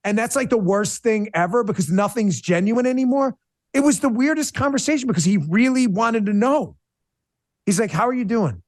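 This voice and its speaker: High-voiced man telling an emotional story. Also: normal speed, no echo, clean studio sound. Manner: emotional, animated storytelling with restarts; blunt and combative. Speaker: guest. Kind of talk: podcast interview.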